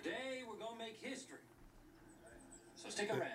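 A man's voice: extremely high pitch, lively intonation, fairly quick, fairly bright tone, husky, full character voice. An actor playing a brash, boastful male storm chaser in film dialogue. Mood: boasting.

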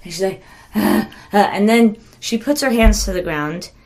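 A woman's voice: mid-range voice, normal speed, a little mellow. A young woman, a mom, telling stories casually on a podcast, easygoing and laughing along. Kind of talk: casual chat, storytelling.

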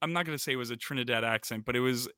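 Animated bright-voiced man telling stories. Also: medium pitch, racing, smooth, dry recording, clean studio sound. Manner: animated storyteller, laughs often. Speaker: podcast co-host. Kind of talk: casual chat.

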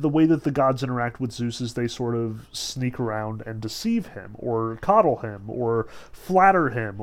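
A man giving a casual literature lecture, talking conversationally with frequent "like" and "um" fillers. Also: medium pitch. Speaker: literature teacher.

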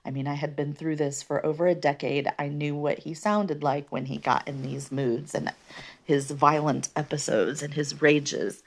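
A woman hosting a podcast, telling a personal story in a hesitant way with many pauses and ums. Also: low-pitched, fairly even intonation, creaky. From American Midwest. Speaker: podcast host.

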